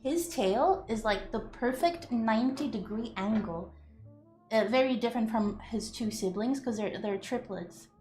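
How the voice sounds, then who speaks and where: High-voiced young woman, casual streamer at home, giggly and gushing with her pets, faint music under. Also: animated, a little slow, a little mellow. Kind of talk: casual live-stream chat with her cats.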